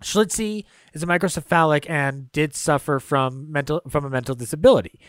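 A man's voice: a little high, a little fast. A man co-hosting a casual film podcast, chatty and digressive, with a slightly raised voice. He swears freely and rambles through asides. The sound is dry and close, with no room echo. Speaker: podcast co-host.

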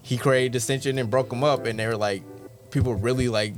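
A man in casual podcast chat, giving long, measured explanations full of "like" fillers. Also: mid-range voice, steady tone, faint music behind. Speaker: podcast co-host.

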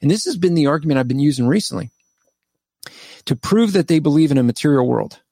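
A man guest on a podcast interview, a street evangelist telling stories of his debates in an animated, argumentative way. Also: a little high, fast talker, vocal fry, dry recording. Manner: animated, argumentative, recounts debates by acting out both sides. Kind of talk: conversational storytelling in a podcast interview.

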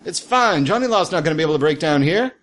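A man's voice: a little high, expressive, quick pace, a bit bright, voice pushed up. A man doing a campy glamorous diva. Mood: breezy. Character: glamorous diva woman in a gown, breezy and campy.

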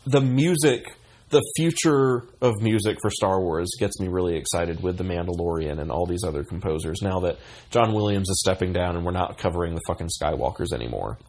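A man's voice: low-pitched, brisk, a little mellow. A man co-hosting a podcast in casual chat, rambling with many fillers and restarts. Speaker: podcast co-host.

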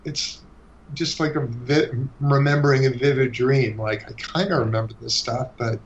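Man, comic creator, loose halting chat; dull low-fi recording. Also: slight background noise. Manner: relaxed, halting, many restarts and fillers. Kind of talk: casual podcast chat. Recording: dull lo-fi sound.

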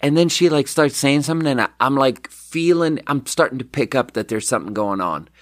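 A man hosting a podcast, telling rambling, animated anecdotes in casual chat. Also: mid-range voice, a little fast, no echo, studio quality. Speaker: podcast host.

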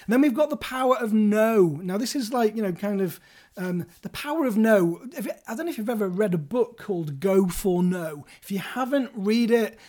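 A man with a high-sitting, darkish voice, lively intonation, and a moderate pace hosts his own podcast. In a solo coaching talk, he walks listeners through negotiating skills, playful and chatty, addressing them directly.

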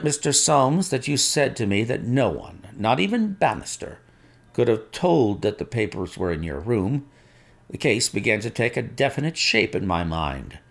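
A suave, commanding detective lays out his reasoning in a measured, firm manner, read by a man for a storybook. The voice is low and gravelly with lively rises in pitch. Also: full character voice.

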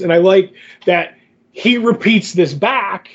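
A high-pitched man with a husky edge talks through a comic's plot in a loose, rambling way, stopping often with "you know" and "um". The audio sounds dull and lo-fi. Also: takes it slowly. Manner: rambling retelling with many fillers and quoted dialogue. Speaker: podcast host. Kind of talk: casual comic book recap.

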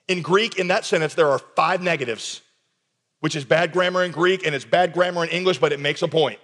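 A man preaching as a pastor, emphatic and conversational, swinging between quiet intensity and raised urgency. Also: a little high, brisk. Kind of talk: recorded sermon. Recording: long reverb of a large hall.

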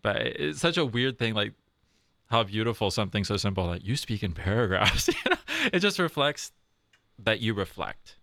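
A man's voice: fairly low pitch, sing-song, moderate pace, gravelly, sharp tone, no room sound, clean studio sound. A man, a priest who forms seminarians, chatting casually in a podcast and often laughing and asking "you know?".

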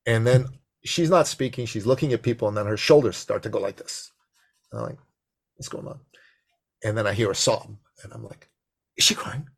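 A middle-aged man telling an expressive, animated story as a podcast guest. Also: a little fast, gravelly, breathy edge. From Persian heritage. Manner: expressive, swings to high excited pitch in quotes. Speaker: podcast guest, business coach.

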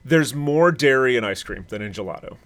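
A man co-hosting a podcast, chatting casually and explaining things in an animated way. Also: medium pitch, a little fast. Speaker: podcast co-host. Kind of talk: casual chat.

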